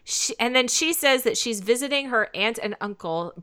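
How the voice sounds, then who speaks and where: Bright, crisp-voiced woman recapping an episode. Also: a little high, animated, moderate pace. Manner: chatty, giggly, retells scenes. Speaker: podcast co-host. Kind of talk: casual episode recap chat.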